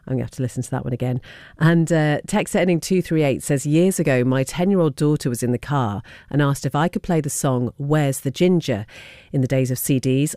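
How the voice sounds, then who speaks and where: A male radio presenter in a studio, chatting and reading listener messages aloud with lively emphasis. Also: a little high, no room sound. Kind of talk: radio phone-in chat, reading listener texts. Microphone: studio microphone.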